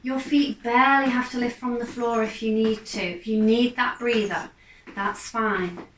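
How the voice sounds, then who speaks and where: A woman, a fitness instructor, calmly guiding a gentle exercise class with steady, encouraging cues. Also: fairly high pitch, a little hiss or hum. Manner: calm, encouraging, unhurried cues. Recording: echoey room, mic far off.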